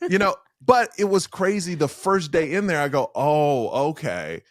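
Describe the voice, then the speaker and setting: A comedian guest on a podcast tells stories over a video call, animatedly acting out the voices and quoted dialogue of people in them. His voice is high-pitched at a moderate pace, with clean studio sound and no echo.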